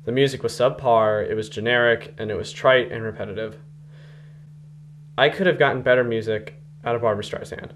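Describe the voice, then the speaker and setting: A man's voice: medium pitch, fairly even intonation, a little fast, slight background noise. A young man in a mock interview, grandly scornful and mock-pompous. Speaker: interviewee in a comedy sketch.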